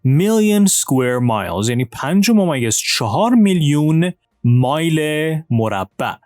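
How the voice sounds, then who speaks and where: A man with Persian as his first language, teaching English and switching between slow textbook reading and quick explanations in Persian. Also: a little high, very animated, a little mellow, dry recording, clean studio sound. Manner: reads textbook lines slowly, then explains quickly in Persian. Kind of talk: bilingual language lesson.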